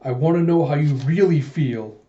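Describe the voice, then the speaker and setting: A man's voice: a little high, normal speed, dark tone, lightly acted. A man voicing Chaos, an earnest young rebel. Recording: dull lo-fi recording.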